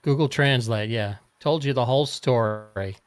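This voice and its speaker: A man co-hosting a podcast in casual chat, joking dryly with halting restarts. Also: medium pitch, dry recording. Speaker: podcast co-host.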